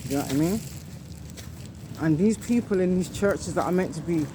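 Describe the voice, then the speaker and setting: A woman's voice: on the low side, fairly quick. A woman vlogging an angry monologue, indignant and emphatic, swearing and repeating herself. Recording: noisy home recording.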